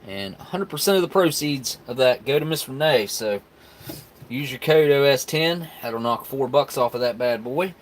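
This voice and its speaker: A man with a mid-range, expressive voice hosts a casual live stream reviewing military rations, tasting the food and chatting with viewers in a laid-back, rambling way. He talks at a moderate pace, and there's a slight hiss or hum in the audio.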